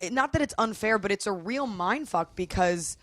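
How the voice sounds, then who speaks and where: Animated young woman comedian chatting. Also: medium pitch, moderate pace, no room sound, studio quality. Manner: animated storytelling with acted quotes. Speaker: comedian, podcast guest. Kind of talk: casual chat.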